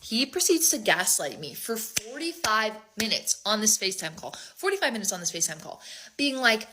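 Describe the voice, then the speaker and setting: A woman's voice: mid-range voice, very animated, a little fast, sharp tone. A young woman telling a storytime in a casual, chatty way, full of "like".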